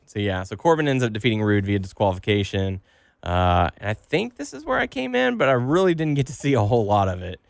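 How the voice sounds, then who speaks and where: A man's voice: lowish voice, very animated, fast talker, creaky, no echo. A young man co-hosting a casual wrestling podcast, recapping results in a wry, offhand way. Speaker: podcast co-host.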